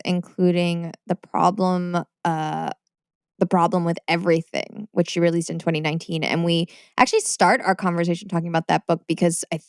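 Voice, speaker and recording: Woman podcast co-host, smooth clear voice, slightly low, chatty. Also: no room sound, studio quality. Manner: chatty, laughs easily. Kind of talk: casual podcast chat.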